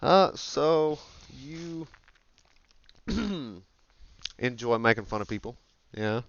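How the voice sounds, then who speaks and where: A man's voice: mid-range voice, animated, very slow, highs cut off. A man co-hosting a casual comedy podcast, laid-back, recapping the story and asking questions. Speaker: podcast co-host.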